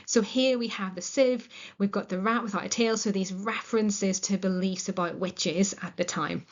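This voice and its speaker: A woman's voice: medium pitch, fairly even intonation, normal speed. A woman teaching a literature lesson, explaining a play in a chatty way and paraphrasing its lines in modern words. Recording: muffled lo-fi recording.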